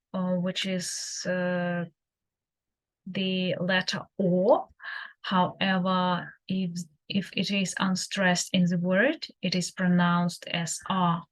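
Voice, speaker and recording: A woman teaching beginners, explaining slowly and patiently with many fillers and repeated examples. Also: on the low side, rough recording. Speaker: Russian language teacher. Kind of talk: beginner language lesson.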